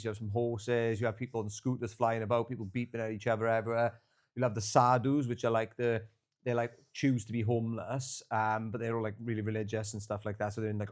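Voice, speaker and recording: A man's voice: on the low side, little pitch movement, a little fast. A young man, co-hosting a podcast and rambling through travel stories full of fillers and swearing. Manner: rambling storyteller, swears freely, filler-heavy. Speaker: podcast co-host. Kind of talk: casual chat.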